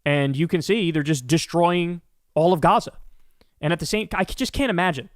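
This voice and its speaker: A man's voice: a little high, moderate pace, no echo, studio quality. A man hosting a political commentary show, ranting angrily and emphatically with lots of profanity.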